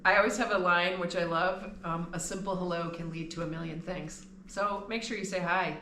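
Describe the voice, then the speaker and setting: A woman co-hosting a casual podcast chat, talky and quick to laugh. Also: lowish voice, steady tone, bright, forceful tone. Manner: chatty, laughs often. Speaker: podcast co-host. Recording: roomy with faint ambient noise.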